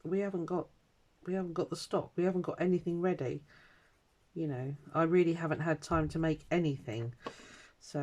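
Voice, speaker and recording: In a muffled recording, a middle-aged British woman chats casually while vlogging at her craft desk at home, rambling along with frequent ums and uhs. Her low, darkish voice holds a steady tone at a moderate pace.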